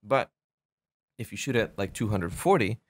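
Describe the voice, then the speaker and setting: Low-voiced man telling a story, fillers. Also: moderate pace, dry recording. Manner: animated storytelling with many fillers and restarts; acts out quoted voices. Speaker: guest filmmaker. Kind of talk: casual podcast chat.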